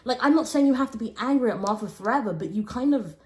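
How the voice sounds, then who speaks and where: A young woman hosting a casual storytime podcast, talking animatedly and dropping low and hushed when she quotes people. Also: quick pace. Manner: animated, swings between raised exclaiming and low, hushed quoting. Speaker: podcast host.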